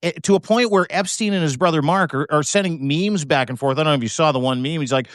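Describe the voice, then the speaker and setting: A man's voice: a little high, fast, dry recording, studio quality. A man hosting a casual political talk show. He swears freely, mocks, and reads posts aloud. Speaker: show host.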